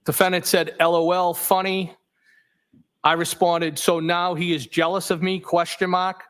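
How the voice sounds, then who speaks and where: A man testifying as a trial witness, reading text messages aloud in a steady, matter-of-fact way, saying the punctuation out loud. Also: high voice, a little slow, clean tone. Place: courtroom.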